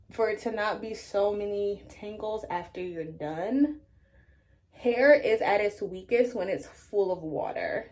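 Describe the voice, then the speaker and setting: Chatting casually through a hair care tutorial, a woman vlogger speaks straight to camera, calling her viewers "you guys." Her voice is medium in pitch with a darkish tone.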